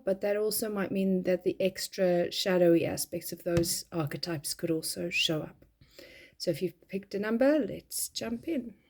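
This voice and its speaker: Croaky-voiced woman giving a tarot reading. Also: medium pitch, mellow. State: croaky voice from being unwell. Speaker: tarot reader. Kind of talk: casual weekly tarot reading.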